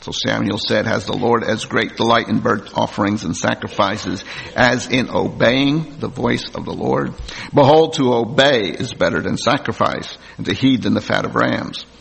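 A man's voice: on the low side, moderate pace, vocal fry, fairly bright tone, breathy edge. A man preaching a sermon, reading scripture aloud and then commenting plainly to the congregation. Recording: long hall reverb.

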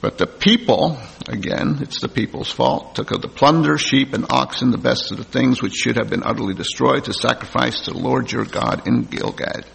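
A man's voice: medium pitch, moderate pace, gravelly, fairly bright tone, slightly rough. A man preaching a sermon, reading scripture aloud and then commenting plainly to the congregation. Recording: long hall reverb.

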